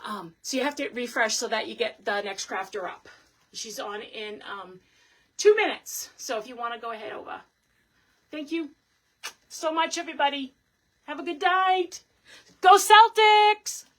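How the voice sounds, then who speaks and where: Woman craft host with a fairly high voice, chatty and upbeat, talking to viewers while she works. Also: moderate pace, fairly bright tone. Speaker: host of a live wreath-making stream. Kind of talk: casual livestream chat while crafting.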